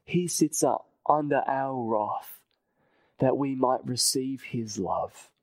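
A man preaching a sermon, earnest and emphatic, repeating phrases and dropping his voice to a hush at key points. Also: medium pitch, takes it slowly, dry recording, low-quality recording.

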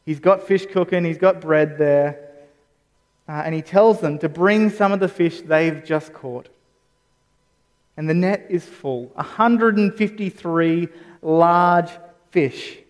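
High-voiced man preaching in a reverberant church. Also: slow pace. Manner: conversational, asks the congregation questions. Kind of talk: sermon.

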